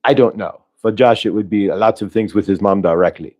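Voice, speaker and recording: A man's voice: lowish voice, a little fast, a little mellow. A man giving a live spiritual channeling talk, earnest and coaching, asking the listener rhetorical questions.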